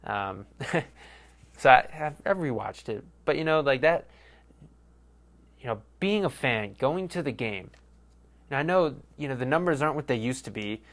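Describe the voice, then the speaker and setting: A man's voice: mid-range voice, expressive, measured pace, pauses often, fairly bright tone. A young man hosting a sports podcast, rambling in a casual, profane and self-mocking way. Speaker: podcast host.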